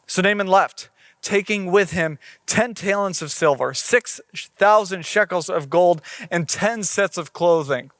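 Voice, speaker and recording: Man, pastor, sermon, high voice, dry close sound, easygoing preaching. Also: a little slow, a bit bright, no echo. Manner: conversational preaching, reading scripture aloud with acted quotes.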